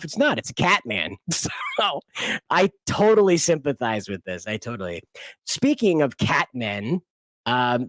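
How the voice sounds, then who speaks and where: A man's voice: a little high, dry recording, studio quality. A man hosting a casual commentary stream, rambling and swearing with frequent laughs. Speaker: host.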